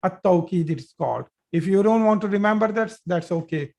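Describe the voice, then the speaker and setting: A man's voice: sits high, lively intonation, brisk, creaky, a little mellow. A man teaching Arabic grammar in a live online class, patient and repetitive, with many fillers and restarts, speaking into a computer mic on a video call.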